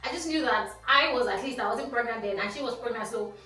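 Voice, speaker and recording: A young woman with a Nigerian accent telling a storytime vlog in a lively, animated way, dropping Pidgin phrases. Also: a little high, quick pace. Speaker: vlogger. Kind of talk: casual storytime. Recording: echoey room, voice from a distance, faint music.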